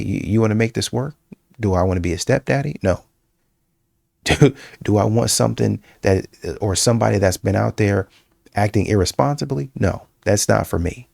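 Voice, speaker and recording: A man with a low, gravelly voice holds forth in casual reaction commentary, repeating his points with emphasis and plenty of fillers. The sound is dry and close, with no room echo. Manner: repetitive and emphatic, with many fillers and restarts; breaks into mocking, animated quoting.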